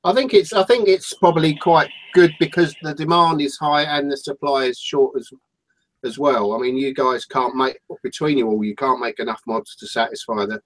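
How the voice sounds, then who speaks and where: A man co-hosting a casual chat show, speaking in a measured, thoughtful way. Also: mid-range voice, steady tone, poor audio. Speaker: co-host.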